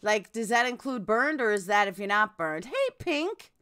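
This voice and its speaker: A woman's voice: mid-range voice, normal speed, bright, forceful tone, clean tone. A woman hosting a casual live stream, chatting and answering viewers' comments. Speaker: true crime live streamer.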